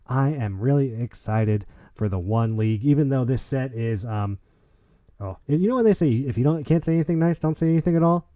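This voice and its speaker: A man hosting a gaming league podcast, chatting in an excitable, jokey way with lots of restarts. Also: medium pitch, a little fast, no room sound, studio quality. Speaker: podcast host. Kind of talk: casual podcast chat and wrap-up.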